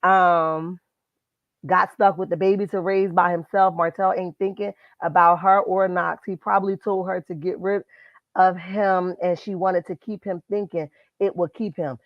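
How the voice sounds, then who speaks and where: A woman with a lowish voice hosts a casual live stream from her workplace indoors, dishing on celebrity gossip in an emphatic, sassy way and addressing her chat directly. Her tone stays level and her pace moderate. Recorded on a computer mic, the audio is dull but has no echo.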